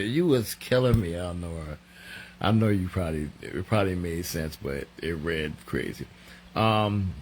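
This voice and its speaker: A middle-aged man with a low, very animated voice co-hosts a married couple's live show against a noisy background. He chats casually, joking and laughing often as he reads viewer comments aloud in a drawn-out way.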